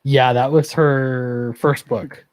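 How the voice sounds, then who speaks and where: A man's voice: mid-range voice, flat delivery, slow pace, a little mellow, no echo. A man hosting a casual late-night stream, easygoing and agreeable. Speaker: stream host.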